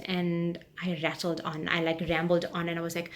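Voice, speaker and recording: A woman's voice: on the low side, flat delivery, normal speed. A woman, telling a personal story on her vlog in a chatty, rambling, frank way. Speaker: vlogger.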